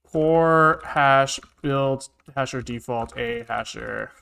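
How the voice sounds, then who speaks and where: A man's voice: mid-range voice, slow, vocal fry, sharp tone, smooth. A man live-streaming his programming, thinking aloud and muttering to himself with casual swearing, keyboard clicks behind him. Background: keyboard typing and clicking.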